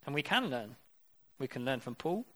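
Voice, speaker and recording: A man's voice: medium pitch, very animated, normal speed, fairly bright tone. Man preaching a conversational sermon. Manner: earnest, conversational preaching with rhetorical questions.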